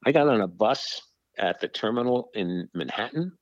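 Older man guest from New York, low voice, lively storyteller, dull dry recording. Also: normal speed, no echo. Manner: animated storyteller, acts out dialogue, frequent restarts. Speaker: podcast guest. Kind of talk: storytelling in a conversation.

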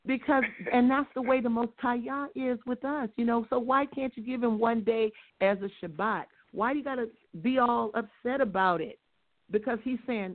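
A woman teaching on a religious talk show, emphatic and fond of rhetorical questions, with her stresses rising close to shouting. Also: fairly high pitch, moderate pace. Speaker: guest speaker. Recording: tinny phone line.

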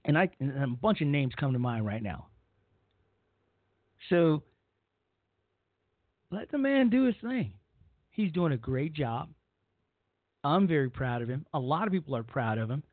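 A man's voice: mid-range voice, expressive, moderate pace, long pauses, dry recording. A man hosting a talk radio show, giving a blunt, rambling opinion monologue and often repeating himself. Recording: dry, phone-like narrow sound.

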